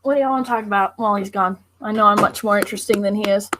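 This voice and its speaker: A woman's voice: medium pitch, steady tone, very fast. Playful young woman, faint noise. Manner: playful, teasing. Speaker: streamer's girlfriend. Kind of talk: casual livestream chat.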